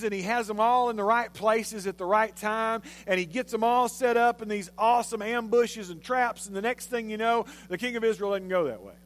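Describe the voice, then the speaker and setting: A male pastor giving a sermon, telling a story in an animated, conversational way. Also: sits high.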